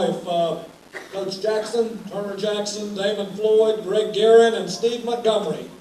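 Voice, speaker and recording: A man emcees a roast and tells folksy jokes in a notably high voice. The sound is distant and roomy, with echo from a large hall and faint noise behind him. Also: mellow. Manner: folksy joking, introduces speakers.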